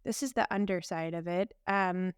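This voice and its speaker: A woman's voice: on the low side, normal speed, smooth, no echo, clean studio sound. A woman co-hosting a podcast and chatting casually, rambling and poking fun at herself with frequent laughs. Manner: rambling and self-deprecating, laughs often. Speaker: podcast co-host and voice teacher. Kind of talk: casual chat.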